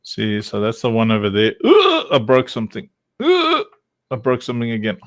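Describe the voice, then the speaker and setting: A man's voice: fairly low pitch, flat delivery, fast talker, dry recording. A man from South Africa with a South African accent, hosting a livestream in casual, joking chat with many fillers. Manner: joking, laughs often, rambling with many fillers. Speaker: livestream host.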